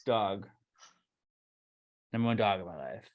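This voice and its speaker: A man's voice: on the low side, animated, measured pace, highs cut off. A man co-hosting a podcast in casual chat, ranting bluntly and profanely. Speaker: podcast co-host.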